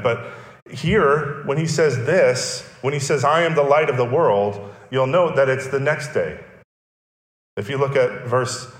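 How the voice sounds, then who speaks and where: A male pastor preaching a sermon, explaining and repeating key phrases for emphasis. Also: mid-range voice. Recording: echoey church hall.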